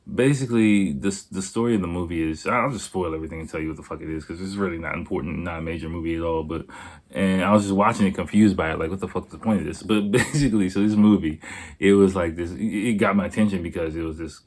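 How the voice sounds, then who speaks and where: A man hosting a podcast, talking in a rambling, casual monologue full of swearing, fillers and restarts. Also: low voice. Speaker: podcast host.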